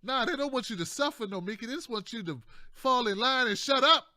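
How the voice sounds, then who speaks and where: Guy doing a casual political rant, high bright voice, keeps saying man, dry close sound. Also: lively intonation, brisk, no room sound. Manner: loose and conversational, keeps adding "man" and "y'all", jokey asides. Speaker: political commentator, show host.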